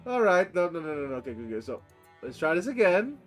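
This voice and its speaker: A man streaming a video game live, reacting excitably and swearing as he plays. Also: a little high, fast talker, faint music behind. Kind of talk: live gameplay commentary.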